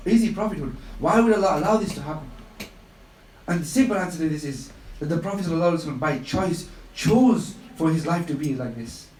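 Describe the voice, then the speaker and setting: Male religious speaker with a high voice, impassioned and repetitive, live radio talk in a roomy space. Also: animated, fast talker, darkish tone, distant mic, slight background noise. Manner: impassioned storytelling with emphatic repetition. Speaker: Islamic speaker on a radio show.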